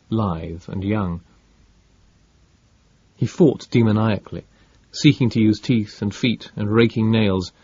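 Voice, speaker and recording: A man reading an audiobook in a measured, dramatic narration. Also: lowish voice, a little mellow, slightly rough, highs cut off.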